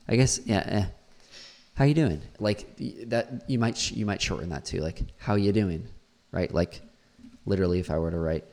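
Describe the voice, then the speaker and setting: A man's voice: low voice, vocal fry, darkish tone. A man, an English teacher, critiquing a learner's pronunciation and repeating words aloud to model them.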